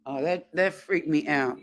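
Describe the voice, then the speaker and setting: A woman hosts a casual livestream and chats at an unhurried pace. She talks in a halting, friendly way and greets her viewers one by one as they arrive. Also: deep voice, soft background music. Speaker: livestream host.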